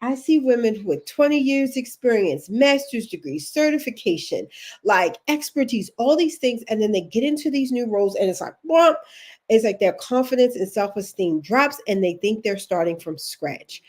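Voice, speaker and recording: A woman's voice: fairly high pitch, animated, moderate pace, darkish tone. A woman with a Baltimore accent giving a chatty, encouraging live-stream coaching talk to her viewers. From Baltimore, United States. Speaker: leadership career coach.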